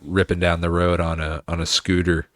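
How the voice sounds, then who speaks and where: Very deep-voiced man, polite host. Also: completely flat delivery, moderate pace, fairly bright tone, dry recording, clean studio sound. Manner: respectful, calls guest sir. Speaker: podcast host. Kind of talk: casual chat.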